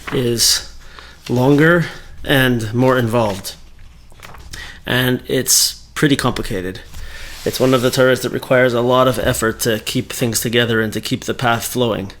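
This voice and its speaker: A man's voice: medium pitch, fairly even intonation, a little slow, a bit bright, a little hiss or hum. Man, Torah teacher, mid-range voice, casual conversational lesson delivery. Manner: conversational, thinking aloud with fillers and self-corrections.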